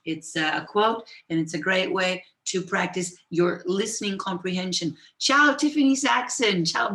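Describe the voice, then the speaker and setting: A woman teaching Italian on a live stream, switching between Italian and English, greeting viewers and dictating phrases slowly. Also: fairly low pitch, fairly bright tone. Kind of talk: live-streamed language lesson. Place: home office with computers.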